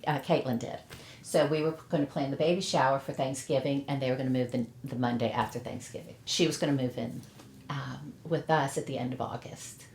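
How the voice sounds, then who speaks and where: A middle-aged woman recounts events in a documentary interview and acts out the voices she quotes. Her voice is very low for a woman. The room around her is echoey. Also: fairly even intonation, fairly quick, a little mellow.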